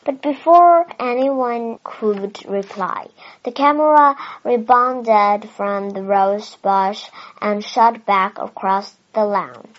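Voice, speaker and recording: A woman with a Chinese first language reading a children's novel aloud in a careful, expressive way. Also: mid-range voice, slow. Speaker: storybook reader. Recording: dull lo-fi recording.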